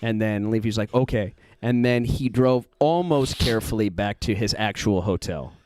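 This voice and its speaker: A man's voice: fairly low pitch, normal speed, a little mellow, a little hiss or hum. A man co-hosting a podcast, casually telling a rambling story, laughing often and acting out the people in it. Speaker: podcast co-host.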